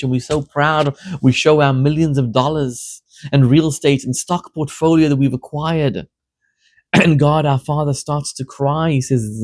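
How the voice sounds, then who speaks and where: A man, a rabbi, delivering a sermon as an animated storyteller who builds to emphatic questions. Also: medium pitch, moderate pace, dry recording.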